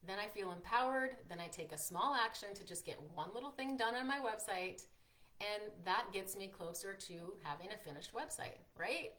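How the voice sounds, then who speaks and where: A woman hosting a live-streamed workshop, chatty and encouraging, reading out viewers' comments and filling pauses with "like" and "um". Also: mid-range voice, fairly bright tone. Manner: encouraging, frequent fillers like "like" and "um". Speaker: workshop host and coach.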